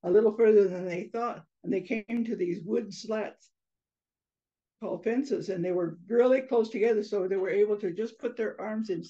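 Expressive woman storyteller. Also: medium pitch, moderate pace. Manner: expressive, mixes in Spanish phrases. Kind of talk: animated oral storytelling. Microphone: video call. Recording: slightly muffled online video call.

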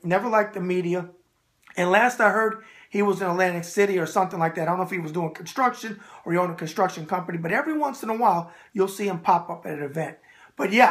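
A man hosting a boxing video mailbag, brash and animated, repeating a catchphrase. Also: high voice. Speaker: boxing show host answering viewer mail. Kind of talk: casual solo video mailbag.

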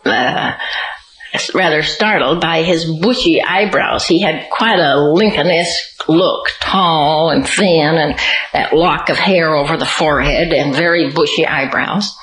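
A woman giving an oral history interview, telling her memories in an unhurried, storytelling way with occasional light laughs. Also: sits low, fairly bright tone, reverberant, poor audio.

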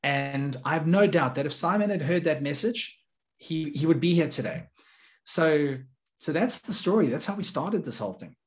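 A man's voice: on the high side, animated, moderate pace. A middle-aged man, an earnest and emphatic storyteller speaking as a guest in an interview. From South Africa. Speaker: guest, leadership coach.

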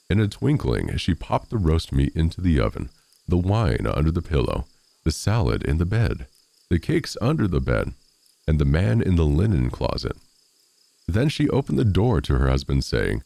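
Very deep, gravelly male storyteller. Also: normal speed, dry recording. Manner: expressive, animated storytelling. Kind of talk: fairy tale reading.

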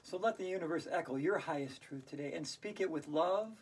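A woman teaching a hula hoop yoga class, playful and chatty, breaking into sing-song rhymes and laughing out loud on cue. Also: low voice, brisk, husky. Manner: chants rhyming verses in a sing-song. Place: indoors while it snows outside. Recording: voice from a distance off the mic.

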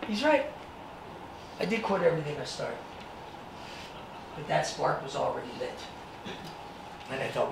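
A high-pitched man tells his life story to students with dramatic, animated delivery. The sound is roomy and echoey, captured from a distant mic with faint background hiss. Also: unhurried, vocal fry, pauses often. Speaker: actor and martial artist giving a presentation.

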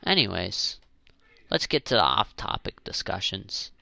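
A young man giving casual, rambling commentary while playing a zombie game, jokey and prone to exasperated high-pitched questions. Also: sing-song, a little slow, vocal fry, sharp tone, no echo. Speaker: gaming channel host.

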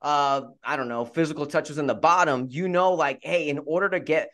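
A man's voice: fairly high pitch, a little fast, a bit bright. A man hosting a podcast interview as a relationship coach, emphatic and repeating words for effect.

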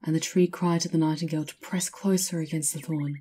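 Husky low-voiced lady reading a fairytale, slow and lyrical, mellow tone. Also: steady tone, a little hiss or hum. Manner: measured, lyrical. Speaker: storyteller. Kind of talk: scripted storybook narration.

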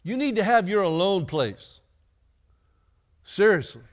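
A man's voice: high-pitched, sing-song, measured pace. A man preaching a sermon in a church, chatty and joking with the congregation between readings. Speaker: pastor. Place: church sanctuary.

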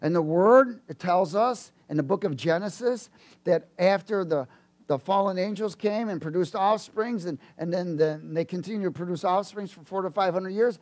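A man preaching a sermon, animated, jumping from loud bursts to low asides and laughing between points. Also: moderate pace.

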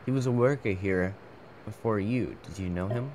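A man reading the lines of a calm, pushy male private investigator in a horror game, flat and deliberate. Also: lowish voice, slight background noise, lightly acted.

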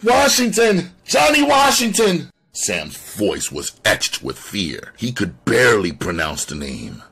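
A man narrates a crime novel aloud in an expressive reading style. His voice is deep and husky. His pitch moves a lot from phrase to phrase. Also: slow pace, few pauses. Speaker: audiobook reader.

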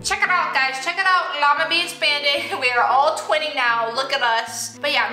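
A woman with a high, sharp, bright voice chats playfully to her plush toys for a vlog. She is excitable and coaxing, with frequent gasps. The room sounds roomy and echoey. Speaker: toy vlogger.

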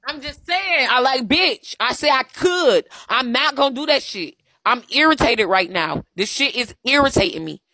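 A young woman with a high, bright voice rambles and curses on a casual livestream. Her talk is emotional and unfiltered, full of restarts. She sounds like a young adult chatting straight to her phone. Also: lively intonation, moderate pace, hardly any pauses. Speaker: live streamer.

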